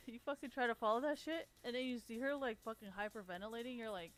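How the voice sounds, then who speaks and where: A woman's voice: fairly high pitch, quick pace, soft background music. A young adult woman streamer ranting casually and bluntly, swearing heavily and laughing often. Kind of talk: casual profane rant.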